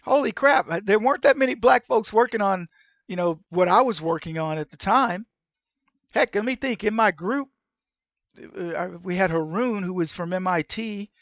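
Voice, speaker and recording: A middle-aged man with a notably high voice for a man, hosting his own commentary show. He tells stories in an animated way, slipping into the voices of the people he quotes. The sound is dry and close, with no room around him. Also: normal speed, no room sound. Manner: animated storyteller who acts out the people he quotes. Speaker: podcast host. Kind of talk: opinion commentary.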